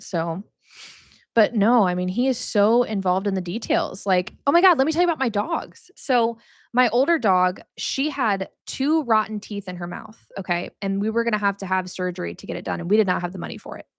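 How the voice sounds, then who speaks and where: A woman's voice: medium pitch, fairly quick, vocal fry, dry recording, clean studio sound. A young woman hosting a podcast, teaching about faith in a casual, chatty way, laughing often and filling her talk with "like". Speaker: podcast host.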